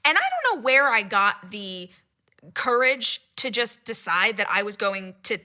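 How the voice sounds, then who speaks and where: A middle-aged woman excitedly retelling a personal story, breathless and giddy, sometimes dropping into whispered asides. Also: medium pitch, unhurried. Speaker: podcast host retelling a date story.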